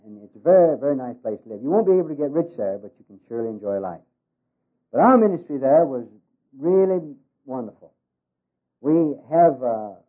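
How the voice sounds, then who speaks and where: A man giving a humorous talk as a ministry worker, in a folksy way with many hesitations. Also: fairly high pitch. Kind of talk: humorous speech with jokes. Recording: tinny phone-like radio recording.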